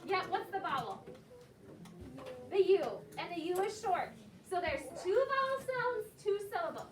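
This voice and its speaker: A woman's voice: very high-pitched, lively intonation, unhurried. A woman teaching a second grade phonics lesson in a classroom, patiently prompting the class with questions and cues. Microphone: far camera. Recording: echoey classroom, far from the mic, with room noise.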